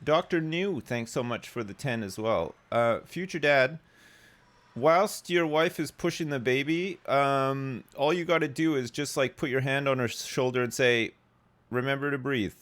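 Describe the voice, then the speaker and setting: A man's voice: mid-range voice, a little slow, a bit bright. A man live-streaming a game, chatting casually in a joking, rambling way.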